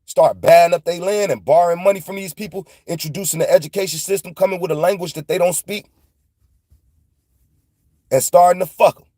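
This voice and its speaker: A man's voice: high-pitched, a little fast, warm tone, no room sound, clean studio sound. A man, telling a loose, profane story in a casual monologue and retelling dialogue in quotes. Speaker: podcast host.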